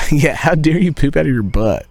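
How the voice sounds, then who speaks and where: A man's voice: on the high side, lively intonation, normal speed, vocal fry, no echo. Young male streamer, crude rambling humor, dry sound. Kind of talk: casual live-stream chat and storytelling. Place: inside a tent.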